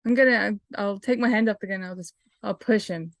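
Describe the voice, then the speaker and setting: A woman's voice: mid-range voice, fairly quick, no room sound. Firm woman player, dry sound. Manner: firm, laughing in-character play. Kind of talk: playing a tabletop game.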